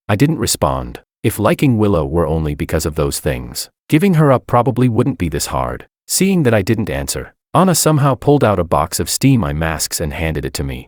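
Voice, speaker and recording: A man narrating a first-person story in an even, wry tone. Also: low-pitched, a little fast, hardly any pauses, dry recording, clean studio sound.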